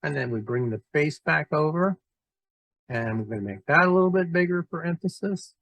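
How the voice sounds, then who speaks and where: A man walking teachers through presentation software in a screen-recorded tutorial, talking loosely and thinking aloud as he clicks. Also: on the high side, normal speed, vocal fry, dry recording, rough recording. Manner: relaxed, thinking aloud with fillers and restarts. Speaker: teacher trainer.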